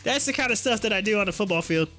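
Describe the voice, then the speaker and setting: A man hosting a casual stock market livestream, chatty and excitable, laughing often as he talks. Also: high-pitched, rapid-fire, faint music behind. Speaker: stock market livestream host and youth football coach.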